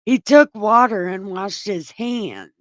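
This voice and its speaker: A woman reads scripture in a casual way and keeps breaking in with sarcastic, profane remarks. She talks slowly, in a mid-pitched voice. The recording is dry and close, with no room echo. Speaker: online Bible reader and commentator. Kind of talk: casual scripture reading with commentary.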